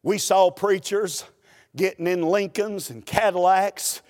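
A preacher spins a comic tale from the pulpit in an animated, folksy way. His voice runs high for a man, and he takes his time. A long reverb from the church hall hangs on every line. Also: takes it slowly. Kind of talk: humorous sermon storytelling.

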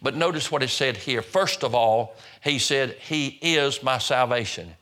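An older man with a drawl preaches with a bright, forceful tone at a middle pitch. He talks in a folksy way, doubling back on words and restarting phrases as he drives home each point. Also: lively intonation, measured pace. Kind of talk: sermon.

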